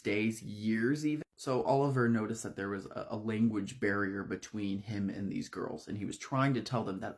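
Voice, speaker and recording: Man retelling a horror story casually. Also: fairly low pitch. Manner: conversational, loose retelling with restarts.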